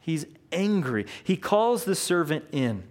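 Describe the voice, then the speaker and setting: A man's voice: a little high, big pitch swings, measured pace, a little mellow. A man preaching a sermon, telling a parable in an earnest, storytelling way with frequent restarts. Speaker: pastor.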